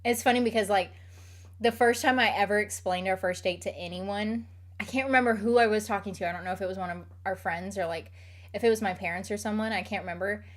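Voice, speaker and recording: Young woman streamer, mid-pitched, loose rambly delivery full of "like". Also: fast talker. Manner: rambling, filler-heavy, frequent "like". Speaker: streamer answering chat questions. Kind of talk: casual chat.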